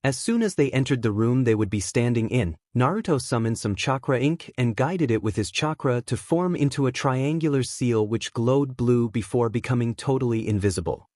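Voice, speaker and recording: A man narrating a fan fiction story in an even, plain reading style. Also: mid-range voice, moderate pace, few pauses, no room sound, clean studio sound. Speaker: fanfic narrator. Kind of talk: scripted narration.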